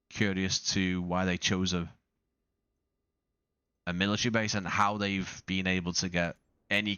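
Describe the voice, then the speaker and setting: Man, low voice, crisp bright tone, dry close mic, rambling live-stream chat, restarts a lot. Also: no room sound, highs cut off. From not Australian. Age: adult father. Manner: rambling, self-correcting, with frequent restarts and fillers. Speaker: flight sim streamer. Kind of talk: casual live-stream commentary.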